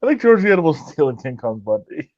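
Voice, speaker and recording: A man's voice: fairly high pitch, sing-song, fast talker, darkish tone, dry recording. Laid-back male co-host, wry, dry and muffled lo-fi sound. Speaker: podcast co-host. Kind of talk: casual chat.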